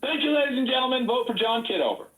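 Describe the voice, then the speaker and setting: A man running for office, arguing loudly and combatively in a heated voice-chat debate. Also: extremely high pitch, animated, fast talker, roomy sound, poor audio. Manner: loud, ranting, combative. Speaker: political candidate.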